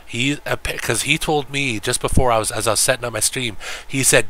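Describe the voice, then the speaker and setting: Speaking briskly with few pauses, this streamer has a bright, forceful, medium-pitched voice. While gaming, he jokes, rambles, swears a lot, and imitates friends in quoted lines.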